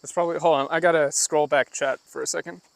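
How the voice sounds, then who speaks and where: A man talking casually to a livestream audience as he walks a rural path near the woods. His voice sits a little high and his delivery is loose and conversational. Crickets and insects chirp around him. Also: fairly even intonation, quick pace, creaky, dry recording. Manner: chatty, loose and conversational, demonstrating Japanese phrases. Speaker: vlogger livestreaming while walking. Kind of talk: casual livestream chat while walking, answering chat.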